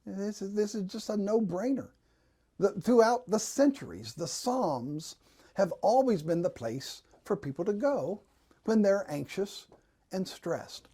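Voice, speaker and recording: Slow, mellow-voiced man telling a devotional. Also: sits high, big pitch swings, breathy edge. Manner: folksy, gently humorous storytelling. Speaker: pastor giving a devotional. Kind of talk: storytelling devotional talk.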